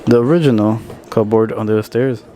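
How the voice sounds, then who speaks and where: A man filming a casual vlog as he tours a film studio, chatty and excited. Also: fairly low pitch, fairly quick. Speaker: vlogger. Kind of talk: casual vlog tour commentary. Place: studio tour, in and out of doors.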